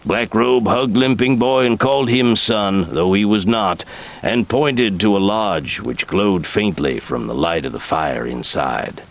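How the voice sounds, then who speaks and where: A man reading a story aloud in measured, expressive audiobook narration. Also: on the low side. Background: soft background music.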